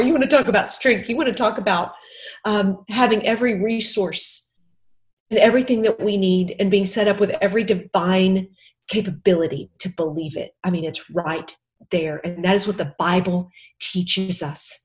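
A woman's voice: mid-range voice, fairly even intonation, normal speed. A middle-aged woman, a podcast guest who is an author and former counselor, speaking earnestly and tearfully about faith, stressing and repeating her key phrases.

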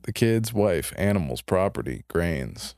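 A man's voice: sits low, big pitch swings, unhurried, darkish tone, no room sound, studio quality. A young man co-hosting a podcast, casually retelling a story and acting out the characters' lines in a laid-back way. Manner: laid-back, retells stories with put-on voices. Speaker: podcast co-host.

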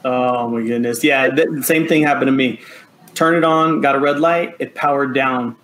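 A man, a father of a nine-year-old, telling family stories in casual podcast chat, animated and joking, acting out what others said. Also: mid-range voice, moderate pace, poor audio. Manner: animated, jokey storyteller who acts out family dialogue. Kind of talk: casual storytelling.

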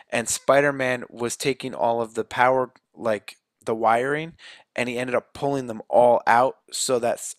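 A man's voice: mid-range voice, no room sound. Man casually recapping a film, dry sound. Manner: loose storytelling with fillers. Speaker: movie recap co-host. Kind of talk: casual chat.

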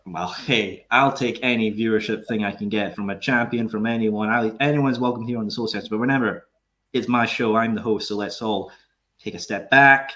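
A man's voice: lowish voice, moderate pace, bright, forceful tone. A man with a Scottish accent hosting a podcast, easygoing and joking, with casual swearing. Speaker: podcast host.

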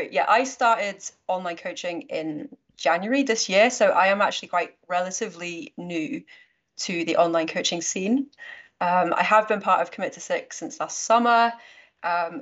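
A young woman with a Midlands English accent touched by a Scottish twang, chatting easily and filling her talk with "um" and "like". Her voice sits a little low. The recording is muffled and lo-fi. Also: a bit bright. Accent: English Midlands with a slight Scottish twang. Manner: chatty, laughs easily, many fillers. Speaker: guest fitness coach. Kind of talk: casual podcast chat.

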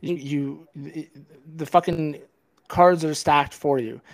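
A fired-up man with a slightly high voice vents on a filmed podcast, swearing freely and talking over his co-host. His delivery is casual and heated. He rants rather than speaks calmly. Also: takes it slowly. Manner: heated, profane, ranting. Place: podcast set filmed on camera.

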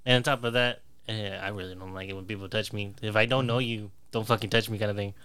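Man, 30s, low smooth voice, casual profane storyteller. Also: steady tone, fast, fairly bright tone. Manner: laid-back, profane, trails off with fillers. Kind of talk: casual chat.

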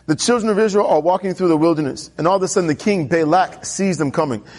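A man preaching a sermon as pastor, telling a Bible story with animated character voices and questioning the congregation. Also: fast talker, slightly rough. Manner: animated storytelling, voicing characters with pitch jumps.

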